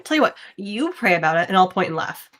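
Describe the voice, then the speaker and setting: A woman's voice: mid-range voice, sing-song, quick pace, a bit bright. A woman playing a pagan adventurer in a tabletop game, joking a lot and stammering when she is pressed. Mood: flustered. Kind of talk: in-character tabletop role-play.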